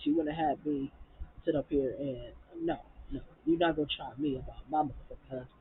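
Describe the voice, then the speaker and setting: A woman's voice: sits low, fairly even intonation, a little fast, slight background noise. A woman reviewing a reality TV episode in a blunt, profane, heated way, acting out quotes from the show. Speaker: reality TV recap vlogger. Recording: tinny phone-like audio.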